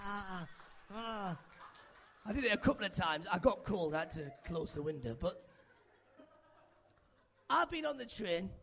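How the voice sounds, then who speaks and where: A man's voice: high voice, gravelly, a bit bright, breathy edge. A man doing a stand-up set on a comedy club stage, chatting and teasing audience members by name into a handheld mic. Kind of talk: stand-up set with crowd work.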